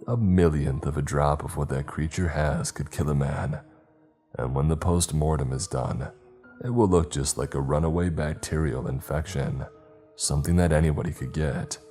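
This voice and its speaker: A man voicing a dying Russian secret agent with a Russian accent, confessing slowly. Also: a bass voice, darkish tone.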